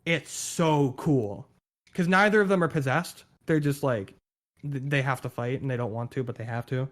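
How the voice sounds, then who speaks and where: A man in casual chat, excitedly explaining game lore, swearing and going on tangents. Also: medium pitch, moderate pace.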